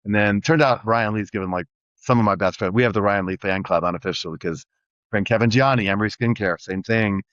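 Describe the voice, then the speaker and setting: Man, middle-aged, rapid rambling delivery, lower voice, dry muffled recording. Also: no room sound. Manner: rambling, energetic, full of restarts. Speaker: guest entrepreneur. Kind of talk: casual storytelling interview. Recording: dry, slightly dull sound.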